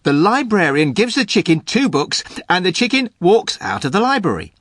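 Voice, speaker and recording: A man telling a scripted joke with a hugely animated, swooping pitch and playful storytelling voices. He is recorded on a close, dry studio mic. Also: normal speed, dry recording. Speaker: podcast producer telling jokes.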